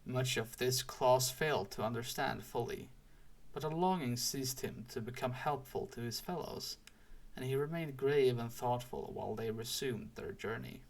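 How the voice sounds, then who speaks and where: A man reading a storybook aloud in a slow, deliberate and expressive way. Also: mid-range voice, creaky. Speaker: audiobook reader. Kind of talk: storybook read-aloud narration.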